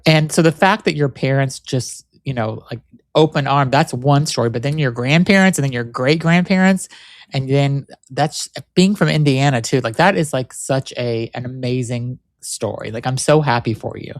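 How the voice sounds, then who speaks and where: A man's voice: mid-range voice, moderate pace, no room sound, clean studio sound. A man hosting a podcast, interviewing a guest in an enthusiastic, affirming way with trailing questions. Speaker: podcast host. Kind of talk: casual interview.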